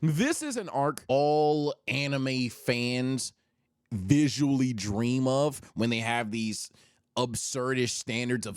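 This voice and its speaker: A young man streaming, ranking anime in loud, profane, animated casual chat. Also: medium pitch, slow, clear, resonant tone, dry recording, studio quality.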